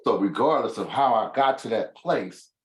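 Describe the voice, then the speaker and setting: A man's voice: fairly low pitch, animated, moderate pace. Reflective man talking in a roomy space. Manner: thoughtful, searching for words, casual slang. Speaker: host. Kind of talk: reflective motivational talk. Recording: roomy echo.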